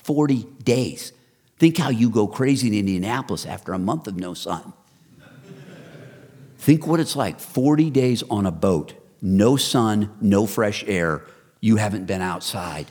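A husky-voiced pastor in his fifties delivers a sermon, building up to loud rhetorical questions before dropping low and soft.

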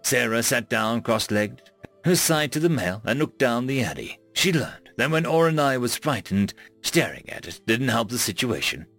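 A man narrating a science fiction story in a measured, expressive reading. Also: medium pitch, faint music behind.

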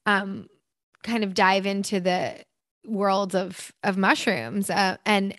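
A woman's voice: mid-range voice, steady tone, takes it slowly, fairly bright tone, dry recording. A woman in her thirties hosting a casual interview, chatty and self-interrupting, laughing easily. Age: 30s. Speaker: podcast host.

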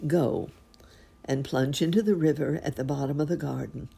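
Woman doing a calm mysterious stranger, low and quiet. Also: moderate pace, vocal fry, breathy edge, heavily acted. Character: smiling mysterious male stranger, wise and calm.

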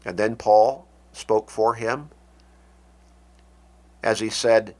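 Slow, deliberate male preacher. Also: lowish voice, fairly even intonation, a little mellow. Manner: slow, deliberate, dramatic pauses. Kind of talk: sermon.

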